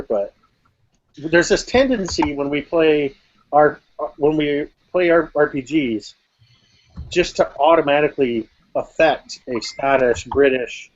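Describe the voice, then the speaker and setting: A man who runs tabletop games chats casually, pausing and repeating words as he goes. His pitch sits in the middle. The call audio sounds dull and lo-fi. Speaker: game master and host. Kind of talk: casual chat.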